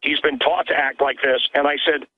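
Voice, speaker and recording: A man's voice: fairly high pitch, fairly even intonation, normal speed, breathy edge, no echo. Exasperated man on a muffled phone line. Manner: emphatic, stammers and restarts, exasperated. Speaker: radio host calling in as a guest. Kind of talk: heated call-in talk radio.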